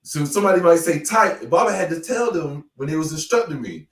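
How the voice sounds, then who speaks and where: A man casually talking through martial arts ideas, animated, swinging from loud bursts to low mutters. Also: brisk, distant mic. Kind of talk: casual conversation. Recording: echoey room, off-mic.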